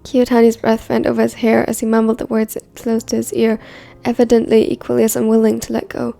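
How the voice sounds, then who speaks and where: A woman narrating a fan fiction story in a steady reading voice. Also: fairly high pitch, brisk, gravelly.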